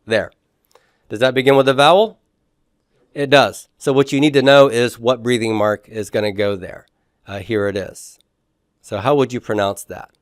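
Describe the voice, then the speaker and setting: A man's voice: medium pitch, fairly even intonation, normal speed, long pauses, no echo, clean studio sound. A man teaching a beginners' Greek lesson, explaining patiently and often checking in with "okay?". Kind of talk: classroom lecture.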